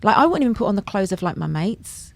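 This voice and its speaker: A woman's voice: medium pitch, big pitch swings, quick pace, creaky. A woman, a comedian and actress, chatting animatedly as a podcast guest and telling anecdotes in a studio. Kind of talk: lively casual chat.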